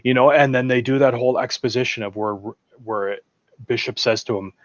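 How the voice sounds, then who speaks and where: A man's voice: mid-range voice, fairly even intonation, fairly quick, no room sound. A man talking as a guest in a casual film chat, enthusiastic and digressive, eager to share trivia and props he has built. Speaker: podcast guest and prop builder. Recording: dull lo-fi sound.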